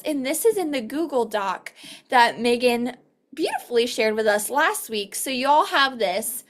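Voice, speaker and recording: A woman leading a casual online sales training over a video call, upbeat and chatty, acting out quoted dialogue as she explains. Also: high-pitched.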